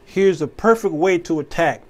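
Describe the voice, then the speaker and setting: A man's voice: fairly high pitch, moderate pace. A man hosting his own show, giving informal, folksy, preacher-style commentary and laughing between points. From American Midwest. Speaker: show host.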